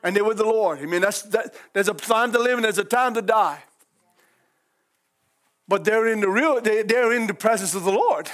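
This man's voice is high-pitched and a bit bright, with lively intonation and a slightly fast pace. Speaking with a Cajun accent, he delivers a folksy sermon, frequently exclaiming hallelujah and praise God and chuckling between lines.

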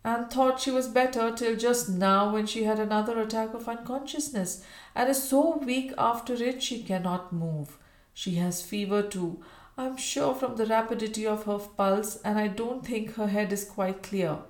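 A woman's voice: a little high, normal speed, natural voice. A woman reading the lines of a trembling, agitated Victorian colonel, keeping close to her own voice. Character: anxious Victorian husband, a colonel, alarmed at dawn. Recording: roomy echo.

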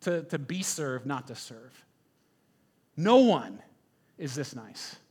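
A man preaching a sermon, telling a story with animated questions to the congregation. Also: mid-range voice, slow pace, slightly rough. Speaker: pastor.

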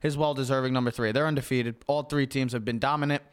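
A man's voice: mid-range voice, fairly even intonation, fast, clear, resonant tone. A man hosting a sports talk show, chatting casually, blunt and emphatic, laughing often. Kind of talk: casual sports radio chat.

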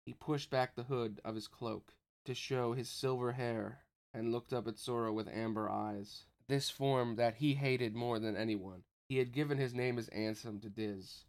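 A man reading a story aloud in steady, scripted narration. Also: mid-range voice, normal speed, few pauses. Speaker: audiobook narrator.

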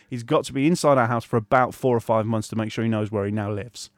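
Animated man telling a story. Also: a little high, normal speed, dry recording, clean studio sound. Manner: animated anecdote-telling, laughs often, acts out quoted voices. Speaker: podcast co-host. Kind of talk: casual storytelling chat.

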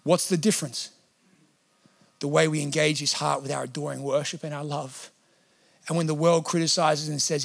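Guy pastor preaching in church, kinda high voice, earnest, chatty, acts out little quotes. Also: fairly even intonation, normal speed, creaky. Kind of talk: sermon. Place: church hall.

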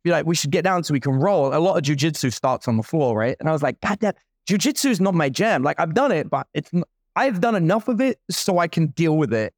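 Animated man in his forties telling a story. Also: fairly high pitch, fast talker, no room sound, clean studio sound. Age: 40s. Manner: animated storyteller acting out other people's lines. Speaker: guest entrepreneur. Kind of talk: casual storytelling.

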